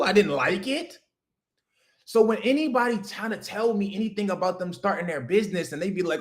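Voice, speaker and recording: A man, hosting a livestream and delivering a loud, preachy motivational rant that jumps high when he hammers a point. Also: lively intonation, brisk. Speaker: livestream host.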